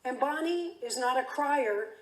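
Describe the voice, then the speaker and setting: A woman's voice: high-pitched, animated, a little slow. A woman giving a keynote speech, telling an intense story vividly with frequent restarts. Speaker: keynote speaker. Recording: roomy echo.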